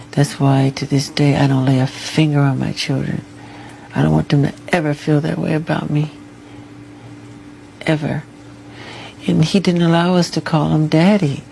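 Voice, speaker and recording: Soft-spoken man with a gravelly edge. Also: a little high, flat delivery, unhurried, pauses often, slight background noise, poor audio. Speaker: interviewee. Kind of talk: television interview.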